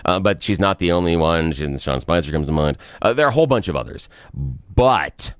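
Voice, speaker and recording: Low-voiced man ranting on talk radio. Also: expressive, a little fast, no echo, clean studio sound. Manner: emphatic, indignant ranting. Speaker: radio talk show co-host.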